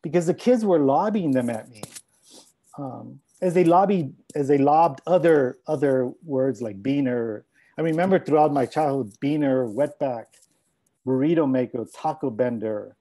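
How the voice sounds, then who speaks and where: A man's voice: mid-range voice, moderate pace, mellow, low-quality recording. A middle-aged man, a native Spanish speaker, telling a reflective personal story as a scholar giving a talk. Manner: reflective, heartfelt, mixing in Spanish phrases.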